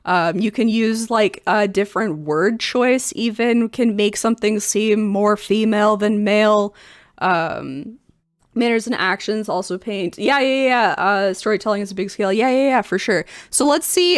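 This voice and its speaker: A woman's voice: measured pace, no echo. Woman streamer, casual rambling chat, mid-range voice, dry close sound. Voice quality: voice neither very high nor very low. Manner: rambling, many fillers and restarts. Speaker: streamer and game master. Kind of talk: casual chat reading forum posts aloud.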